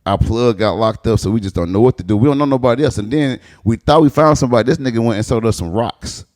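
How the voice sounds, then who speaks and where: A stand-up comedian, a man, telling rough street stories in a casual podcast chat, with lots of profanity and laughter. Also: medium pitch, fast talker. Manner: animated, profane street storytelling with frequent laughs.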